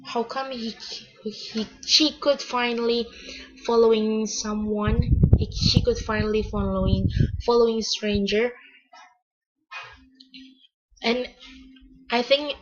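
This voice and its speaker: Slow, halting woman reviewing a book. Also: on the high side. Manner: halting, searches for words, many restarts. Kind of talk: casual spoken book review. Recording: dull lo-fi recording.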